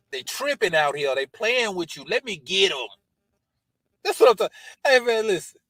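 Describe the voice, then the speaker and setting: A man's voice: high-pitched, sing-song, a little slow, pauses often, a bit bright, low-quality recording. A man hosting a podcast, reading scripture aloud and breaking off into loose, colloquial commentary, often adding "man" and "you know" as he talks. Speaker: podcast host.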